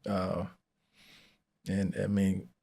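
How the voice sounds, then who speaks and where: A man in a class offering a hesitant, halting comment. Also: deep voice, flat delivery, creaky, dark tone, husky, no room sound, studio quality. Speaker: class participant.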